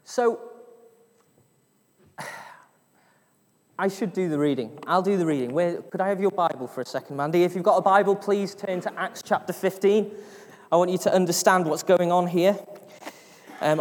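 Male preacher, animated storyteller, slightly high voice, reverberant church hall. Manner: lively storyteller, acts out voices, laughs often. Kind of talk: sermon with storytelling.

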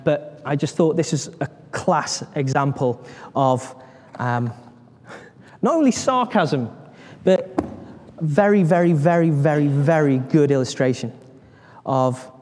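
A man preaching a sermon, telling a Bible story in a lively way, acting out voices and putting questions to his listeners. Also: a little high, unhurried, long reverb tail. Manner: animated storytelling, acts out voices, asks the congregation questions.

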